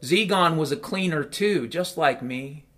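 A man's voice: a little high, a little slow. A man telling a first-person story in a casual, wry, matter-of-fact way, over piano music.

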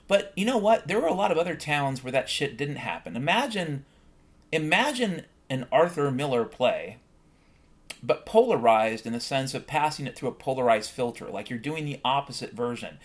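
A man hosting a solo podcast, ranting bluntly and swearing often in a heated monologue. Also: medium pitch. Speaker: podcast host.

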